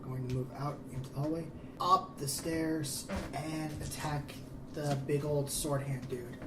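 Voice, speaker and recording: A man's voice: fairly high pitch, steady tone, measured pace. Rowdy swearing man from across the room. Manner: boisterous, swearing. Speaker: player. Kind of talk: casual tabletop game play. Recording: echoey room from far off with noise.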